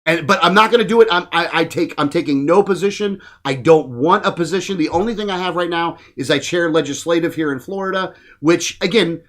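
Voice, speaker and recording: A man's voice: on the high side, a little fast, few pauses, a bit bright. A man speaking as a podcast guest in a studio, ranting bluntly in casual talk full of profanity. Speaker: guest, political activist.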